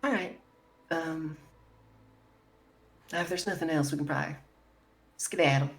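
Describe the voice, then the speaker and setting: A woman's voice: deep voice, a little slow. A woman voicing a polite, folksy adventurer in a tabletop game, with country-style phrasing. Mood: easygoing. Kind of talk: in-character tabletop role-play.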